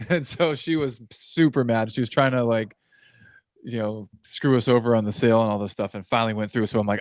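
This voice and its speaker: A man's voice: medium pitch, normal speed, no room sound. A man co-hosting a podcast who vents in rambling casual chat and laughs often. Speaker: podcast co-host.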